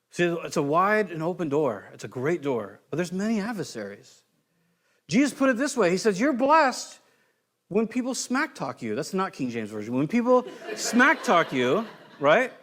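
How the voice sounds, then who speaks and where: High-pitched guy pastor preaching, chatty and animated, acts out quotes in his stories. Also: moderate pace, pauses often. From California. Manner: conversational, animated storytelling with voiced quotes. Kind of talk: sermon.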